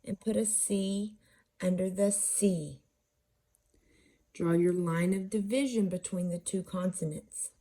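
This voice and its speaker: Patient woman teaching phonics, slow and husky. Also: on the low side, fairly even intonation, dark tone. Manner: patient, asks and answers own questions; sounds out syllables slowly. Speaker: reading teacher. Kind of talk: phonics lesson.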